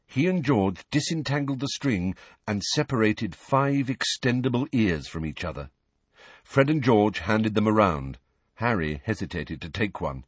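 A man narrating an audiobook with expressive storytelling. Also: low voice, moderate pace, husky, no room sound.

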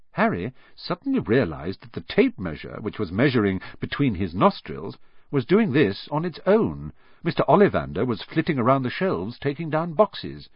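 A man reads a storybook aloud as an audiobook, his pitch rising and falling in lively turns. His voice is slightly husky, and the recording sounds dry and a little muffled. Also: moderate pace, no echo. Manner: expressive, animated storytelling. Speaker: narrator. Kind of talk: audiobook narration.

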